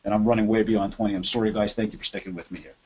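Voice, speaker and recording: A man hosting a webinar from his office, coaching sales in an energetic, chatty way and acting out phone calls. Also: on the low side, very fast, breathy edge, rough recording. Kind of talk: animated software demo and sales coaching.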